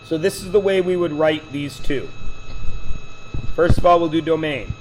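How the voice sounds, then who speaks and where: A man's voice: fairly high pitch, normal speed, background noise. A man teaching math to a class, lecturing with chatty, joking side stories. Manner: chatty, digressive, joking asides.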